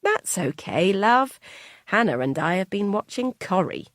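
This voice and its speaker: A woman's voice: mid-range voice, very animated, unhurried, no echo, studio quality. A woman voicing an elderly mother who is confused, gossipy and fond of her son. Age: older. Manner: chatty, tutting, easily muddled.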